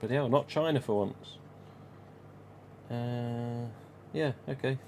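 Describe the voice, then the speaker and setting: A man's voice: mid-range voice, slow, a little mellow, a little hiss or hum. A man hosting a live stream, talking casually in a chatty, rambling way with frequent chuckles. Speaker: live stream host and collector.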